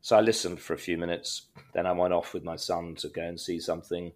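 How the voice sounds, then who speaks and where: A middle-aged man appears as a podcast guest, telling a personal story in a casual, rambling way with frequent sentence restarts and wry humour. His voice is low-pitched and darkish, with little pitch movement, and he speaks briskly.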